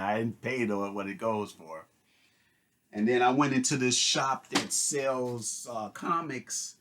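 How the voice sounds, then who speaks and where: A middle-aged man casually talking through his record collection haul, relaxed and enthusiastic, rambling with fillers. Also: fairly low pitch, slight background noise. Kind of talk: casual haul video chat.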